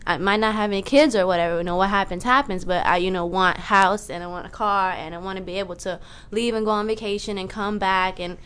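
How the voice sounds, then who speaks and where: A woman with a smooth, clear voice in a casual group discussion. She speaks earnestly and at length about what she wants. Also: medium pitch, fairly even intonation, quick pace, hardly any pauses, a bit bright. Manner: earnest, lays out her plans at length.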